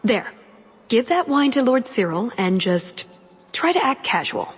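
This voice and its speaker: An actress voicing a brisk young female elf rogue in a video game, talking in a terse, businesslike way. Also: a little high, sing-song, breathy edge, in a large hall, soft background music, heavily acted. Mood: urgent.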